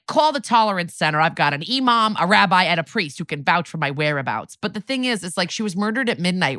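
A woman's voice: low voice, fairly bright tone, no echo, clean studio sound. A young woman co-hosting a podcast, recapping a TV episode in casual chat, laughing often and quoting characters in put-on voices.

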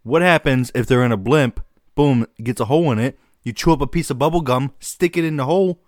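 A man's voice: mid-range voice, fairly quick, dry recording, studio quality. Laid-back joking man from Arkansas. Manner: joking, laughs often. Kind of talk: casual chat.

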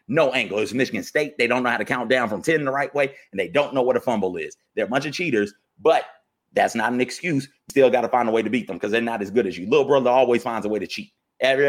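A man with a husky, breathy edge to his voice rants about a game in heated, repetitive bursts. His comes through in loose, slangy phrasing, and he sounds fired up throughout. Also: medium pitch. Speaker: podcast co-host. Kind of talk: heated sports rant.

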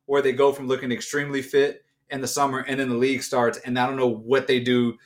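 A man's voice: medium pitch, flat delivery, fast. A man co-hosting a casual sports talk show, rambling through his points with restarts and bursts of laughter. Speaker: co-host.

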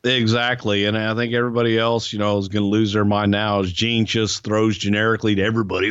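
A man's voice: fairly low pitch, little pitch movement, quick pace, hardly any pauses, a bit bright, smooth, dry recording. A man hosting a casual podcast, chatting enthusiastically with jokes. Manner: enthusiastic, jokey. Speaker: podcast host. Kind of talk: casual commentary. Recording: dry muffled lo-fi recording.

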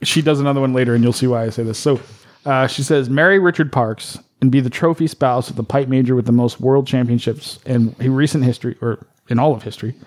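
A man's voice: mid-range voice, steady tone, quick pace, a little mellow. Man, podcast co-host, casual chat, chuckles, reads listener emails.

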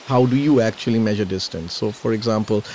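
A man's voice: fairly low pitch, fast talker, darkish tone. A man explaining an idea through an example, a little hesitant as he works through it. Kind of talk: explanatory conversation. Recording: faint hiss.

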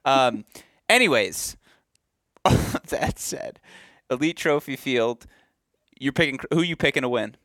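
A man's voice: medium pitch, slow pace, long pauses, fairly bright tone, dry recording, clean studio sound. A man co-hosting a casual podcast, laughing often and telling playful stories. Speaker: podcast co-host, tennis producer.

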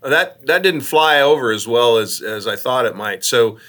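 A man from Nebraska tells stories as an astronaut guest. His voice is bright and his manner is animated, and he often checks in with "right?". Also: mid-range voice, moderate pace. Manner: animated, tags lines with "right?". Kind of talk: casual storytelling interview.

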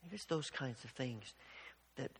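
A man preaching a sermon in an earnest way, often stumbling over repeated words and dropping to a hushed voice for emphasis. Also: medium pitch, a little slow, breathy edge, big-room sound. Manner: earnest, repeats words when restarting, drops to quiet near-whispers for emphasis.

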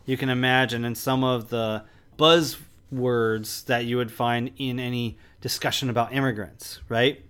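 A man's voice: medium pitch, steady tone, unhurried, fairly bright tone, clear, resonant tone. A man co-hosting a movie podcast, explaining at length with frequent restarts. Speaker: podcast co-host. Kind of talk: casual movie review chat.

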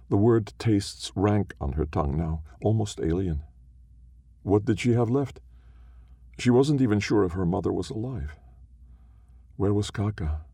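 A man reads a story aloud, slow, measured and solemn. His voice is very deep with a gravelly, dark edge. The recording is close and dry. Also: no room sound. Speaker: narrator. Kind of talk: scripted story narration.

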